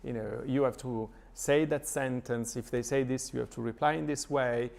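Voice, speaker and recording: Halting man lecturing, gravelly voice. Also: mid-range voice, fairly even intonation, a little mellow. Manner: thoughtful, many hesitations and fillers. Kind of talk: lecture reading and analyzing a poem. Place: church lecture.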